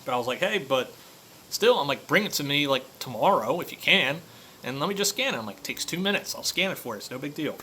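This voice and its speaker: Bright-voiced mechanic ranting casually. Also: male voice, a little high, lively intonation, fast talker, a little hiss or hum. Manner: conversational storytelling, many fillers. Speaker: auto repair shop owner. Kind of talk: casual monologue rant.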